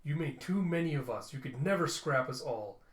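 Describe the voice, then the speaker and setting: A man voicing a menacing machine leader who rallies robots to war, slow and grandiose, in a roomy space. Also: fairly high pitch, lively intonation, lightly acted. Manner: slow, grandiose, hateful proclamations. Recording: roomy echo.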